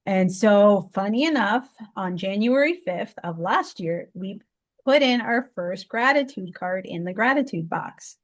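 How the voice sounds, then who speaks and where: Woman, interview guest, heartfelt personal story, halting restarts, repeated words, mid-range voice. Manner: heartfelt, lively pitch swings.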